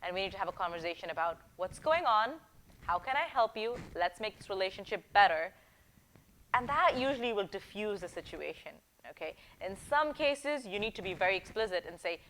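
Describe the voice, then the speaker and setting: A woman's voice: medium pitch, lively intonation, fairly quick, fairly bright tone, low-quality recording. A woman giving workplace advice in a direct, emphatic, conversational way, often checking in with "okay?" and "right?". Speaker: workplace empowerment coach. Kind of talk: advice video talk.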